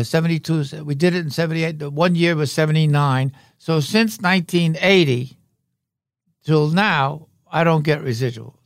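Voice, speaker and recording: An older man, a veteran actor and podcast guest, telling rambling, wry anecdotes with halting fillers. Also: a little high, dry recording, studio quality. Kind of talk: anecdotal interview talk.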